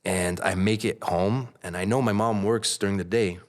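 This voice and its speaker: A man in his thirties, a podcast guest, telling a personal story in casual talk, candid and animated, acting out the voices of others. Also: fairly low pitch, normal speed.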